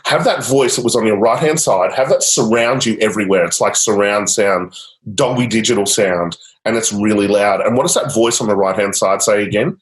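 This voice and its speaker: A man's voice: lowish voice, fairly quick. A man guiding a client through a coaching session, upbeat and encouraging, with casual fillers. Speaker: change coach. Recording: roomy echo.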